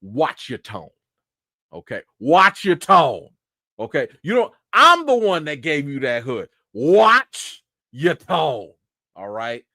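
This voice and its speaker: A man voicing a menacing male demon who warns slowly and deliberately. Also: fairly high pitch, huge pitch swings, pushed and bright, no echo, studio quality, exaggerated voice. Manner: slow, warning, deliberate. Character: deep-voiced menacing male demon dealer.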